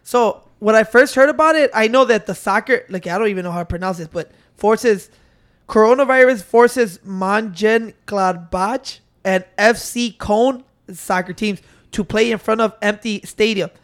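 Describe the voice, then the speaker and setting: A man hosting a podcast into a microphone, telling stories in excitable, profane casual chat. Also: sits high, moderate pace. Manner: excitable, swearing, storytelling with restarts. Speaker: podcast host.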